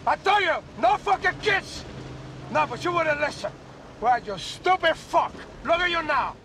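An actor playing a volatile, furious drug lord in a film clip, shouting and cursing. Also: male voice, very high-pitched, lively intonation, unhurried, background noise, full character voice. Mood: enraged. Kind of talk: film dialogue. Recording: film clip with music behind.

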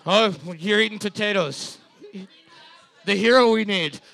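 A man's voice: high voice, unhurried, vocal fry, bright, forceful tone, no room sound. A man co-hosting a trivia night, reading out scores and making crude, self-mocking jokes. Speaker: trivia co-host. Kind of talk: joking banter, reading scores.

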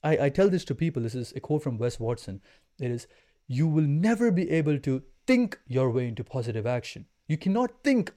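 A man's voice: fairly high pitch, big pitch swings, fairly quick, dark tone. A man in his twenties, a podcast guest, talking in an intense, emphatic, slangy way. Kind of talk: casual chat.

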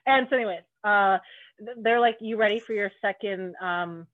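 A woman's voice: mid-range voice, moderate pace, no room sound. A woman talks casually, swearing freely and laughing between her words. Her voice is narrow and phone-like. The sound is dry and close. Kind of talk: casual chat.

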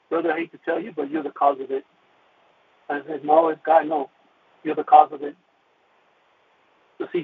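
A man telling an emotional personal testimony in a halting way, restarting and repeating his words. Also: very high voice, creaky. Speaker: caller sharing a personal testimony. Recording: tinny phone-like line with faint hiss.

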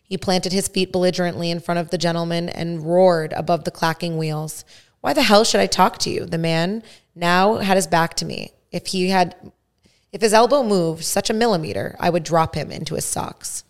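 A woman podcast host reading a first-person story aloud in a measured way. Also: lowish voice, steady tone.

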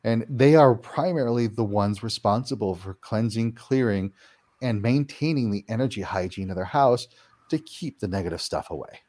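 Animated man with lively, swooping delivery. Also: moderate pace. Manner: animated, acts out quoted reactions with big pitch jumps. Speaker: paranormal house-clearing practitioner, guest. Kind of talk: interview answers.

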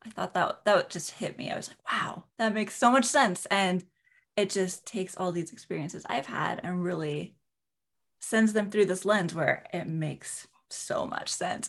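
Woman interviewer, lowish pitch, vocal fry, enthusiastic, admiring. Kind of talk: interview questions.

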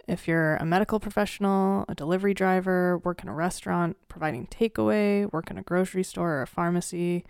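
A woman's voice: fairly low pitch, fairly even intonation, a little fast, gravelly, hardly any pauses, a little mellow, smooth, no room sound, studio quality. A woman co-hosting a true crime podcast, giving an earnest, chatty announcement with casual fillers.

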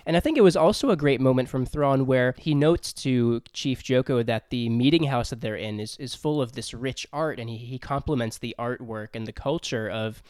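Male podcast host, clean dry close sound, lively and laughing through a book chat. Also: mid-range voice, moderate pace, few pauses, clear, resonant tone, no echo. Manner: animated, laughs often while describing. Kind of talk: casual book discussion.

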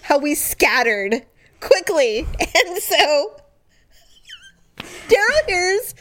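High-pitched woman chatting, laughs a lot, squeals when quoting people. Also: extremely slow. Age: adult. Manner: animated, laughing, acts out quotes in high squeals. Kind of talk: casual storytelling chat.

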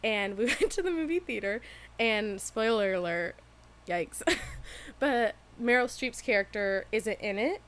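A woman's voice: mid-range voice, expressive, measured pace, a bit bright. Candid woman telling a story. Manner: candid storytelling, laughs often. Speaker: podcast co-host. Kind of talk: casual chat.

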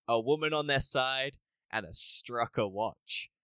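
A man co-hosting a casual podcast review, animated, acting out scenes and laughing often. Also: medium pitch, unhurried, clean tone, dry recording. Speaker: podcast co-host. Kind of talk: casual spoiler review chat.

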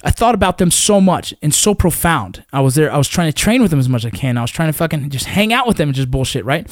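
A man's voice: on the high side, very animated, fast, no echo, clean studio sound. A man in his thirties or forties, a military veteran guest talking in a blunt, profane, emphatic way in casual conversation.

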